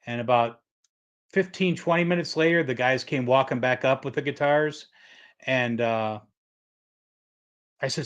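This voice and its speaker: A man's voice: medium pitch, steady tone, moderate pace, a bit bright. Rambling middle-aged man, lo-fi stream. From Michigan. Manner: rambling storyteller, reads chat comments aloud. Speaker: livestream host. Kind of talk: casual livestream chat.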